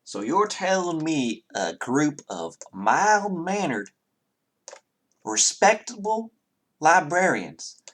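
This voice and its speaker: A man's voice: fairly high pitch, very animated, takes it slowly, fairly bright tone, pitched above the performer's own voice, heavily acted. A man from the Southern US voicing a polite, fussy Southern town official in a tabletop game, with a put-on Southern drawl. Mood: courteous drawl.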